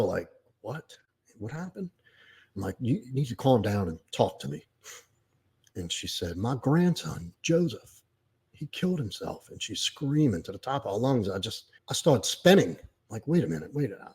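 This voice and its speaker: A middle-aged man telling a painful personal story on a podcast, halting and choked up at times. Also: lowish voice, a little mellow, husky.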